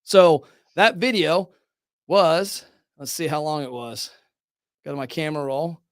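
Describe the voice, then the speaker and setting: A man hosting a casual podcast conversation from his studio, energetic and motivational, talking in quick bursts. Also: a little high, smooth, no room sound. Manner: salesy, motivational. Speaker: podcast host.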